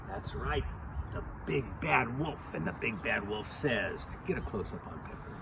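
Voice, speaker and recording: A man's voice: mid-range voice, measured pace, gravelly, background noise. A man teaching a pre-K class, telling a story with big gestures and acted voices. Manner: animated, acts out voices and gestures. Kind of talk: storytelling lesson for young children.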